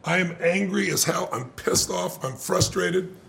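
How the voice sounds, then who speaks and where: An older man telling a story in conversation, animated, swearing casually and laughing often. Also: sits high, a little slow, vocal fry.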